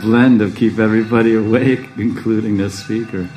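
A man with a very low voice lecturing on scripture to a class. He rambles, restarts sentences and chuckles to himself, and says his own delivery is close to a monotone. Faint music sits behind him. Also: normal speed, hardly any pauses, low-quality recording. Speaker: spiritual teacher.

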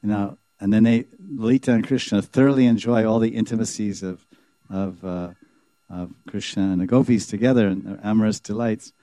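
A man telling a devotional story in a sermon, animated and chuckling as he acts out the dialogue. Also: lowish voice, moderate pace, dry recording.

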